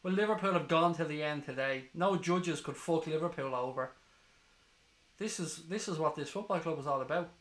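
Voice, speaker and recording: A man streaming a live football watchalong, ecstatic and swearing, reading chat messages aloud, hoarse from screaming. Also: fairly high pitch, normal speed, reverberant.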